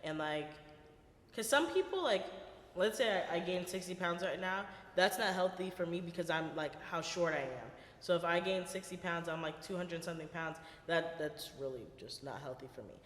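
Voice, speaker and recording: A young woman co-hosting a casual podcast chat, animated and laughing as she tells stories. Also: on the low side, normal speed. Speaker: podcast co-host. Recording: echoey room with long reverb.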